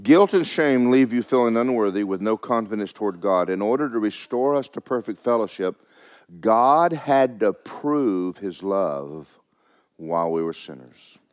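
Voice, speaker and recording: A man preaching a sermon, with folksy asides, rising loud to stress a point and dropping low to tell a story. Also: expressive, unhurried. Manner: folksy preaching, rises loud for emphasis, drops low for stories. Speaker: pastor.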